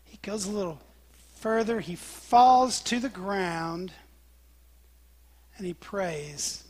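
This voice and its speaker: A man preaching a sermon, telling a story with animated quoted lines and sudden drops to a whisper. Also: high voice, slow pace, pauses often.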